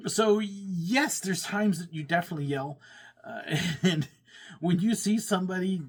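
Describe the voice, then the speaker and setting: A man's voice: high voice, unhurried. A man who once worked as a pastor and at theme parks, telling stories casually with frequent laughs and acted-out complaints. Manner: chatty, laughs often, acts out quoted complaints. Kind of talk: casual storytelling monologue.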